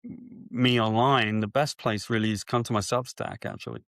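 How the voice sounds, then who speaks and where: Animated storytelling man, dry sound. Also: normal speed, dry recording. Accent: non-local accent. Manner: animated anecdote teller, mimics voices in high pitch. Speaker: guest comics writer. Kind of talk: casual interview storytelling.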